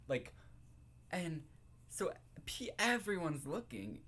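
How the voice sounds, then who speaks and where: A young man in a casual storytime vlog, talking in an animated, self-consciously dramatic way, laughing often and saying like a lot. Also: fairly high pitch, unhurried, slight background noise. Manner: filler-heavy, says like a lot. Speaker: vlogger.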